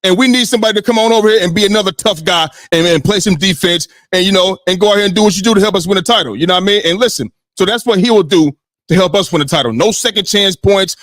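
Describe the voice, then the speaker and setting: A man hosting a sports podcast in casual, animated talk, swearing freely and often checking in with "you know what I mean". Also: high-pitched, fast talker, no echo, clean studio sound.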